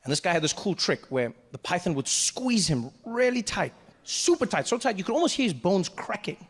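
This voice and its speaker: A man doing stand-up, telling a story in an animated, self-mocking way with quick act-outs. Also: high voice, slightly rough. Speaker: stand-up comedian. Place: live comedy venue. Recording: echoey live venue with faint ambience.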